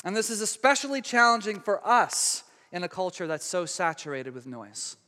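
A man with a high, bright, ringing voice preaches a sermon, talking it through casually with many restarts. He swells for big moments and sinks to a near hush for quiet ones. A long reverb trails after him in a large hall. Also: big pitch swings, moderate pace. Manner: conversational preaching with frequent restarts, dramatic hushed drops. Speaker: pastor.

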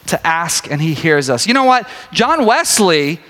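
Male preacher with a bright, sharp tone, talking casually and joking with the crowd, recorded in a reverberant hall. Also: fairly high pitch, a little slow. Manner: conversational, animated, jokey asides. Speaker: pastor. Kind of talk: sermon.

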